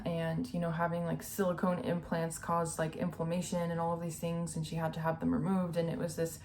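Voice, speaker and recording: A woman's voice: on the low side, monotone, brisk, a little mellow, slight background noise. A young adult woman speaking candidly and emotionally in a personal vlog, full of "like" and "you know". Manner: earnest, emotional, filler-heavy with "like" and "you know". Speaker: vlogger.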